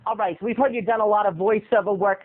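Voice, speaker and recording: A man's voice: high voice, steady tone, quick pace, natural voice. A man doing a pushy, chummy female casting agent. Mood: bossy. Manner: pushy, chummy, calls people doll. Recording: tinny lo-fi phone-like audio.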